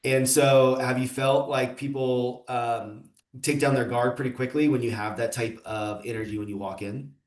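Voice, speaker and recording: A man's voice: mid-range voice, fairly even intonation, moderate pace. A man hosting a casual interview, enthusiastic and affirming, laughing easily. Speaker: interview host. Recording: echoey room.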